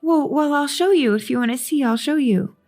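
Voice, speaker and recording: A woman's voice: high-pitched, brisk. A woman voicing a timid, hesitant little girl. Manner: hesitant, soft-spoken.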